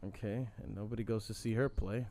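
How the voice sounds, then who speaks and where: A man's voice: lowish voice, fairly even intonation, brisk, warm tone, no room sound. Sardonic male podcast co-host, dry sound. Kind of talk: casual chat.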